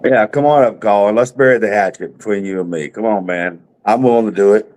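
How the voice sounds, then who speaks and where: A man's voice: on the low side, a little fast, darkish tone. A man from Britain, a guest on a livestream, chatting casually in a laid-back way and laughing often.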